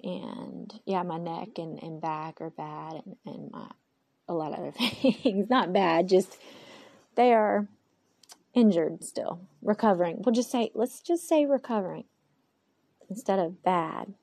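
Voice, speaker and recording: A woman's voice: lowish voice, takes it slowly, vocal fry, darkish tone, no echo. A woman hosting a personal podcast monologue into a phone, candid and rambling, often talking to herself aloud and speaking of her faith in God. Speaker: podcast host.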